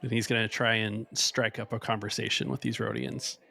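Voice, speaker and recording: A man playing a tabletop game, describing his character's actions and speaking for him in a friendly, animated way. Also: on the low side, fairly quick, vocal fry. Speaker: player.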